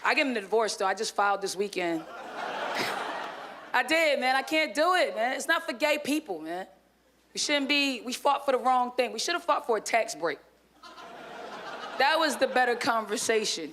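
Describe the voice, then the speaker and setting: A woman's voice: medium pitch, fairly bright tone, a little hiss or hum. A woman in her thirties doing a stand-up set on a club stage, with brash, crude and profane punchlines. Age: 30s. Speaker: stand-up comedian.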